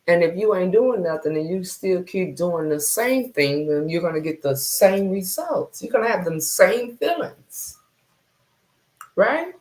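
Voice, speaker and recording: Brief: woman live-streaming host, lowish voice, loose and chatty, greets viewers, repeats phrases. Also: a little mellow. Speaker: livestream host. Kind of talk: casual livestream chat.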